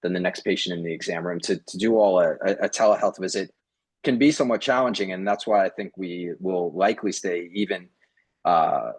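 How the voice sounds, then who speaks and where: A man's voice: low voice, brisk, dry recording. A man who works as a physician, speaking as a panelist and explaining points in a thoughtful way. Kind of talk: panel discussion.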